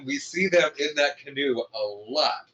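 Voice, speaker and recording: A man's voice: mid-range voice, animated, a little slow, sharp tone, lo-fi sound, a little hiss or hum. A man co-hosting a podcast, casually recapping a comedy film's plot and chuckling often. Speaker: podcast co-host. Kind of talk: casual movie review chat.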